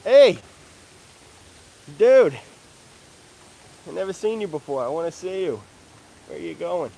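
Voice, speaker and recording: Chatty guy on a phone livestream outside, talks to the animals, kinda high voice. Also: big pitch swings, a little slow, creaky, mellow, a little hiss or hum, poor audio. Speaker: livestream vlogger. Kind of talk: casual livestream chat. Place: outdoors at an animal park.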